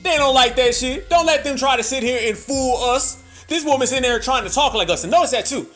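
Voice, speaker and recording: A man's voice: extremely high pitch, fairly quick, a bit bright, faint music behind. A man hosting political commentary, emphatic and profane, repeating points for emphasis. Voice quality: emphatic, repetitive, profane, preacher-like. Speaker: host.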